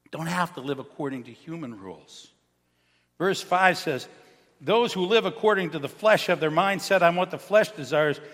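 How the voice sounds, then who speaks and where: A man preaching a sermon as pastor, telling stories and acting out the people in them. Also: sits high. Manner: storytelling, animated, acting out quoted people. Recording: long hall reverb.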